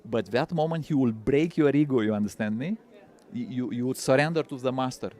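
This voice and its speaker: A man's voice: mid-range voice, a little fast, warm tone. Earnest man teaching. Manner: earnest, repeats words, non-native phrasing. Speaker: spiritual teacher. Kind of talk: interview answers.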